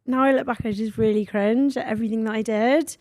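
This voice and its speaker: A young woman, hosting a podcast and telling stories in an animated, sweary way. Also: fairly high pitch, quick pace, dry recording. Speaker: podcast host. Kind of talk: casual chat.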